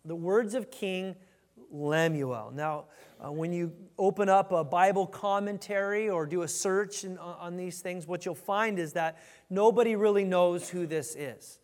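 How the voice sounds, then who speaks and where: High-voiced male preacher in a reverberant hall. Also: normal speed. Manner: animated, with emphatic scripture reading. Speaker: pastor. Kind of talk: conversational sermon. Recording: long reverb of a large hall.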